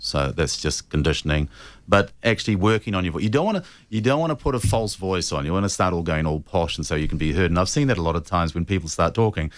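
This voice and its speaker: Brief: New man, voice coach guest, very low voice, measured, dry close sound. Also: no room sound. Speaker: voice and presentation coach. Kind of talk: radio interview answers.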